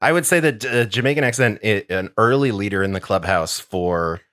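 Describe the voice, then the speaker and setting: Low-voiced guy cohosting a podcast, playful and wry, dry close mic. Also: a little fast, fairly bright tone, no echo. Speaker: podcast co-host. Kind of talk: casual chat.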